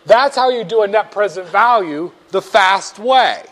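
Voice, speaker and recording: Male finance instructor, high voice, slow deliberate delivery, wry jokes, patient step-by-step teaching. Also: lively intonation, a bit bright. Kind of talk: classroom lecture.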